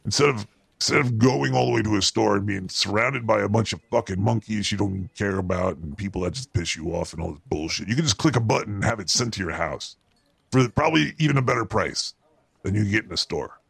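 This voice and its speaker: A man voicing a cartoon rat host talks fast in a lowish, gravelly, exaggerated voice, recorded dry. Paranoid and foul-mouthed, the male rat delivers a crude, exasperated comedic rant about the news.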